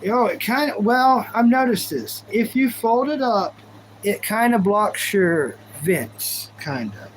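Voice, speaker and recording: A man's voice: high voice, very animated, slow, slight background noise, poor audio. A man chatting casually on a live stream, rambling and goofy, thanking viewers as he goes. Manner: goofy, rambling, talks to chat.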